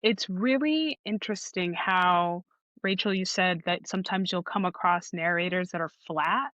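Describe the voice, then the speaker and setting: A woman's voice: on the low side, moderate pace, fairly bright tone, no room sound, highs cut off. A woman audiobook narrator talking in a casual podcast interview, thoughtful and often restarting her sentences.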